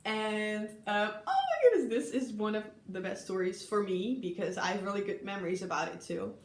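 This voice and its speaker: Recorded in an echoey room, a young woman from the Netherlands speaks to camera with a Dutch accent about amusing moments from her exchange year. Her mid-range voice is animated and a little fast, and she giggles and says "um" a lot.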